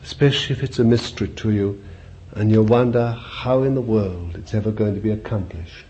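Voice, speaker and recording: Mellow-voiced male preacher, talky and repetitive. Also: lowish voice, brisk. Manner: conversational, repeats phrases, asks the listeners questions. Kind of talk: sermon. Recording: dull lo-fi recording with faint hiss.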